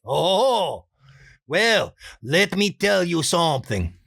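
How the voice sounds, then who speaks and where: A man's voice: on the high side, big pitch swings, slow, vocal fry, a bit bright, pitched above the performer's own voice, exaggerated voice. A man voicing a sly, emphatic man with a put-on Spanish accent.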